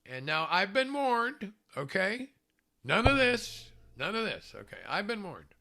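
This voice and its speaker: A man's voice: high voice, sing-song, unhurried, gravelly, pushed and bright. A man casually telling a self-mocking story, chuckling often as he talks. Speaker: storyteller recalling a film job.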